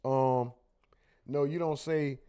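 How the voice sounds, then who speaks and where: A man's voice: mid-range voice, fairly even intonation, takes it slowly, warm tone, clean tone. A man hosting, talking bluntly and profanely in casual emphatic commentary. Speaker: host.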